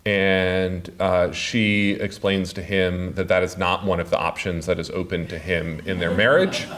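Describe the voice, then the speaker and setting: A man giving a public talk as an author, speaking haltingly with many filler sounds. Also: deep voice, fairly even intonation, background noise. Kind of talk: public lecture.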